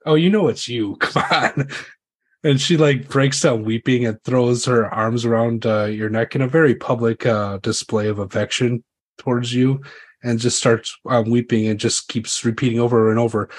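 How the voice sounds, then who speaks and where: A man's voice: medium pitch, steady tone, normal speed. Rambling male game master. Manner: rambling, full of fillers. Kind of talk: casual tabletop narration.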